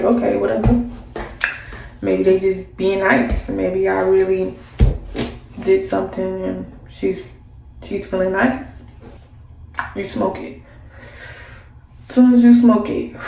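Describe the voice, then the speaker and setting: A woman's voice: mid-range voice, creaky. A woman telling a story in a casual, slangy way, acting out the voices of the people in it. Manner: animated, slangy, acts out voices. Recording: echoey room, mic at a distance, faint background hum.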